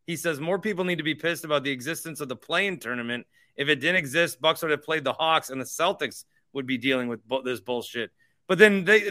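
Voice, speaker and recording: A man's voice: on the high side, a little fast, sharp tone. A man hosting a sports podcast, ranting with sarcasm and swearing about his team. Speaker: podcast host. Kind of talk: heated sports talk.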